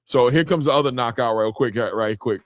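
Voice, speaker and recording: A man hosting a boxing chat show, talking casually and excitably while replaying fight clips and hollering reactions. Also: medium pitch, fairly quick, no room sound, clean studio sound.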